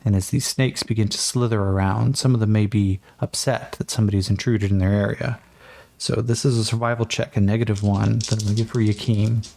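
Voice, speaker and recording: A man's voice: fairly low pitch, steady tone, a little fast, creaky, mellow. A man running a solo tabletop game as game master, narrating in a casual, profane, self-mocking way.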